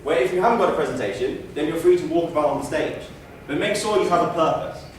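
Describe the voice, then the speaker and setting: A man giving a public speaking training speech on a stage, with wry asides. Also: fairly high pitch. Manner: demonstrates loud, soft, slow and fast delivery. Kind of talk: training speech to a live audience. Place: stage in a hall. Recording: echoey room, mic far off, faint noise.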